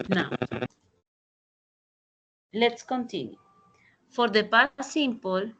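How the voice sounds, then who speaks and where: A woman teaching an English grammar lesson over a video call, explaining slowly and deliberately. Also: mid-range voice, fairly bright tone, low-quality recording. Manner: slow, deliberate explanations with Spanish translations. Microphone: computer mic in a video call.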